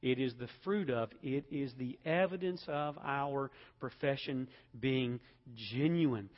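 A man preaching a sermon as pastor, emphatic, swelling to loud peaks and dropping low again. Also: slow pace. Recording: dull sound with long hall reverb.

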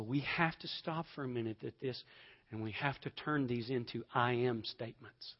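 A man preaching a sermon, swinging from loud emphatic bursts to soft, almost whispered lines. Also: mid-range voice, normal speed, highs cut off. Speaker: pastor.

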